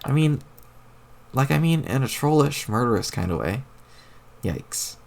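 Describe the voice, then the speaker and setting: Wry deadpan teen girl, read by a man, gravelly, lively pitch, rambling. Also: unhurried. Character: dry, wry teenage girl adventurer. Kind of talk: reading a webcomic aloud.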